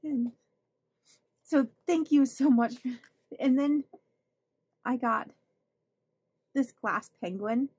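Bubbly husky-voiced woman. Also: on the high side, slow, long pauses, darkish tone, no echo. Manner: chatty and gushing, laughs often. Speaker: budgeting channel host. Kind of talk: casual chat opening mail.

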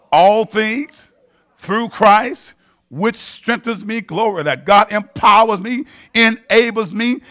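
A man's voice: sits high, a bit bright. A male pastor preaching a sermon in a rhythmic call-and-response style, chanting bold declarations to the congregation.

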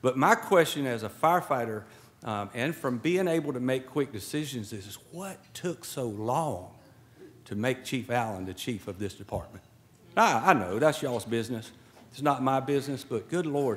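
A man's voice: mid-range voice, animated, moderate pace, a little hiss or hum. Folksy man speaking at a podium. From Georgia. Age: middle-aged. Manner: folksy and joking, preacher-like asides. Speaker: guest speaker at a swearing-in ceremony. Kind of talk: informal ceremonial speech. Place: indoor event hall at a podium. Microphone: podium microphone.

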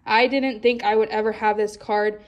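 A woman talking through her photocard collection in a casual vlog, chatty and excited, a little out of breath. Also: mid-range voice, normal speed, lo-fi sound. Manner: chatty, excited, rambling with frequent restarts. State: slightly out of breath.

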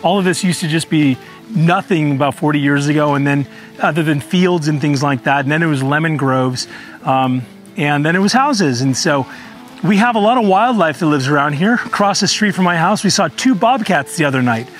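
A man with a rather high voice hosts a casual gardening tutorial outdoors in his orchard. He talks in an earnest, chatty way, dotted with ums. Faint music runs behind him. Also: animated, moderate pace. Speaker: gardening channel host.

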